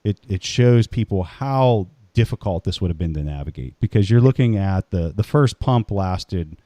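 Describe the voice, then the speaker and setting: A man's voice: sits low, animated, moderate pace, warm tone, no room sound, dull audio. A man hosting an interview, thinking aloud as he builds long questions. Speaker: interview host.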